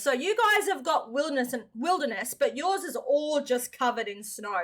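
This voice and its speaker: A woman's voice: high-pitched, a bit bright. An Australian woman hosting a reaction video, chatting upbeat and casually, calling the viewers mate.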